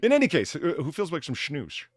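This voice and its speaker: A man's voice: a little high, wildly swooping pitch, fast, breathy edge, dry recording, faint music behind. An American man hosting a casual chat, with a sarcastic, mock-pompous way of talking. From United States. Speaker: podcast host.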